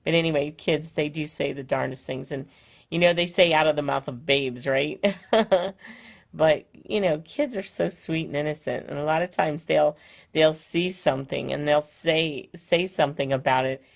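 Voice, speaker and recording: Older woman host, low gravelly voice, chatty and rambling, home live stream. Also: moderate pace. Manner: rambling, with many fillers and restarts. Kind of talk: casual chat. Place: her home, indoors. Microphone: phone or webcam, live stream.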